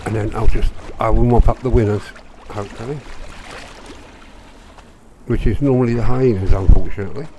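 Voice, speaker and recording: A man's voice: on the low side, steady tone, a little fast, long pauses, warm tone, slight background noise. A man giving a wry, chatty commentary as he plays a video game, with self-mocking asides. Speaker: gamer. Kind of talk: let's play commentary.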